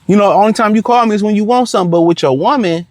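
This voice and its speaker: A man's voice: sits high, racing, dry recording. A man giving a blunt, profane reaction rant, full of slang, repeated words and fillers. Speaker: commentator reacting to a clip.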